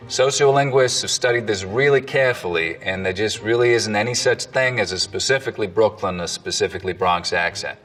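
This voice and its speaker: Lively low-voiced male dialect coach. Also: brisk, hardly any pauses, far from the mic, faint music behind. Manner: explanatory, lively, sets off examples clearly. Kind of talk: educational video presentation.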